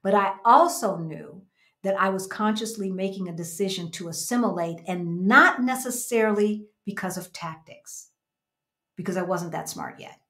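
An American woman in her fifties co-hosts a casual livestream, reading viewer comments and telling stories reflectively. Her mid-range voice is a bit bright and moves at normal speed.

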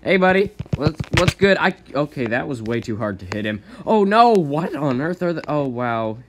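Excitable man narrating his gameplay. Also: moderate pace, a little hiss or hum. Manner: excitable, rambling, laughs often, jumps to high yelps. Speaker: gaming channel host. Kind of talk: casual gameplay commentary.

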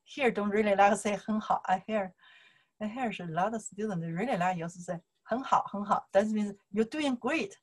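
A woman's voice: mid-range voice, normal speed. A woman with a Chinese accent, a Chinese teacher explaining to camera, repeating phrases in simple broken English.

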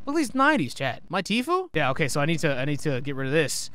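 A man streaming a horror game live, talking to chat with lots of swearing, joking asides and sudden yelled outbursts at what happens on screen. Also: a little high, wildly swooping pitch, fast, clear, resonant tone, no room sound. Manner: profane, joking, bursts into loud yelps and shouting at the game. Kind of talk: live gameplay commentary.

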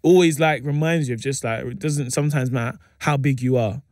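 A man, a comedian chatting as a radio guest and telling lively anecdotes with plenty of slang fillers. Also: mid-range voice, fairly quick, no echo, studio quality. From England. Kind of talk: casual interview chat, animated storytelling. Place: radio studio. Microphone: studio microphone.

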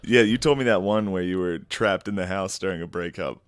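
Deep-voiced man in dry casual banter. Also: a little fast, smooth, dry recording. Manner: laid-back, jokey banter, swears freely. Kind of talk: casual chat.

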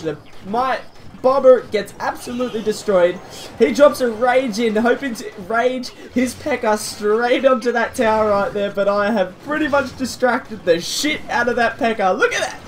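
Excitable woman commentating gameplay. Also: fairly high pitch, a little hiss or hum. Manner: excitable, teasing, chuckling at the opponent. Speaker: gaming video host. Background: faint game music.

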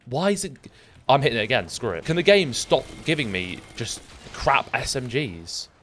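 A young man commentating his own gameplay, excitable, swearing and talking to himself. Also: medium pitch, normal speed, slight background noise. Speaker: gaming YouTuber.

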